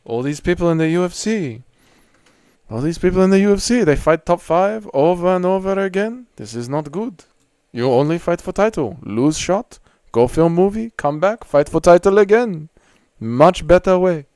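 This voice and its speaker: A smug, self-satisfied French fighter speaks in short broken phrases with a mock French accent, as a man puts him on for laughs. The voice sits a little high, and the sound is dry and close with no room around it. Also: animated, moderate pace, a little mellow, clean tone, no room sound. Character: smug French fighter who avoids opponents, adult man.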